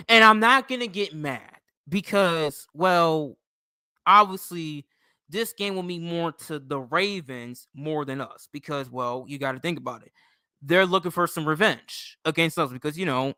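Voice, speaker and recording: A young man ranting on his own sports channel, heated and profane, tagging his points with "bro". His voice is bright and forceful, clean and crisp, and recorded dry, with no room sound around it. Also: fairly high pitch, no room sound. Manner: heated, swearing, repeats "bro" and "okay". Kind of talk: casual profane sports rant.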